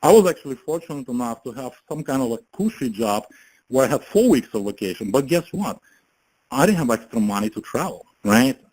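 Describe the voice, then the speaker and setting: A man's voice: mid-range voice, sing-song, fairly quick, a little mellow, husky, rough recording. A man giving a casual motivational talk about network marketing, chatting and often asking his listeners questions.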